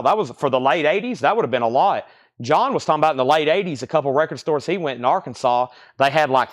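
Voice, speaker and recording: A young man hosting a live vinyl sale stream, chatting casually and rambling while reading out titles and prices. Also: mid-range voice.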